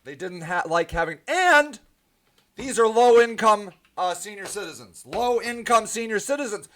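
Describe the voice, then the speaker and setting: Man, high-pitched voice, angry profane rant, lots of ums and restarts, livestream host talking to chat. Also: lively intonation, moderate pace, a bit bright. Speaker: livestream host reading viewer comments. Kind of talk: ranting livestream monologue.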